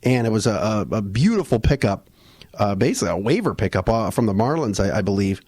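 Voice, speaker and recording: A man co-hosting a casual sports podcast, talking in an animated, rambling way with restarts and fillers. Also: fairly low pitch, quick pace, slightly rough, no echo. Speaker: podcast co-host.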